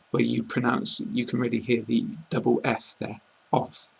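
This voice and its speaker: A British man giving a casual online pronunciation lesson, speaking slowly and carefully and repeating example words. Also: mid-range voice, level tone, creaky, bright, forceful tone, breathy edge, low-quality recording. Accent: British English. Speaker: English pronunciation teacher.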